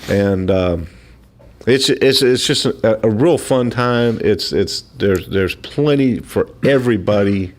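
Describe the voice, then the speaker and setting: A man as a guest on a radio talk show, talking casually and haltingly, often repeating words as he goes. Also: lowish voice. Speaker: studio guest promoting a local event.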